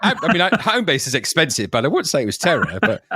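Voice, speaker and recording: A man rattles through a casual game review, voice leaping up and down as he mocks what he played. He talks quickly, laughing often, recorded dry and close. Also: on the high side, slightly rough, no room sound. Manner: animated, mocking, quick to laugh. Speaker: podcast co-host. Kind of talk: casual retro gaming review chat.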